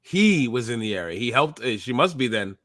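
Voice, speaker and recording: A man with a New York accent, co-hosting a casual basketball podcast, joking around and reading a news article aloud with halting restarts. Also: medium pitch. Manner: animated, jokey, reads with halting restarts. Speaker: podcast co-host.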